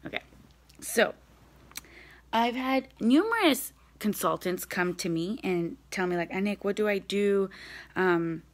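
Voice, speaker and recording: A woman's voice: mid-range voice, animated, a little slow. A young woman leading a sales team, talking live to her team from home in a blunt, direct, motivating way.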